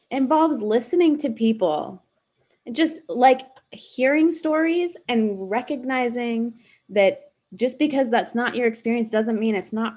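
Woman interview guest, somewhat high voice, casual and earnest, lots of fillers. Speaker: guest researcher. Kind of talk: interview conversation.

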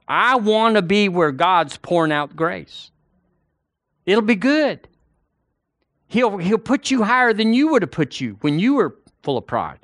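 A man preaching a sermon in an emphatic, animated way, with loud and soft swings. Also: on the high side, unhurried, no echo, clean studio sound.

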